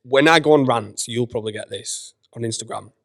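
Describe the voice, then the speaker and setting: A man from Leeds, a guest personal trainer, chatting frankly and swearing casually, with plenty of quick yeahs. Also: medium pitch. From Leeds, England. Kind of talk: casual chat. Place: gym.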